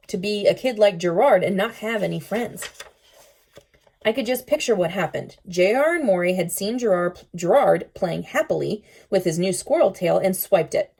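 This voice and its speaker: Mellow-voiced teacher reading aloud. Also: female voice, medium pitch. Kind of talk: reading a children's novel aloud.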